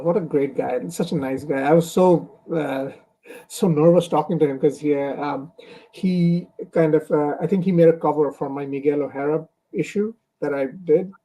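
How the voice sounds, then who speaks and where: A man's voice: on the high side, fairly even intonation, normal speed, dark tone, poor audio. A young man from India, a comic artist, talking casually in an interview with many fillers and restarts over a remote stream call.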